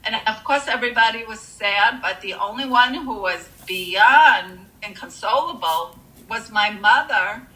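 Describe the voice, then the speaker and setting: A woman recounts a deeply personal experience in an earnest, heartfelt way, often pausing on fillers. Her voice is a little high and very bright. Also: poor audio. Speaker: guest sharing a personal near-death story. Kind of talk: emotional personal storytelling.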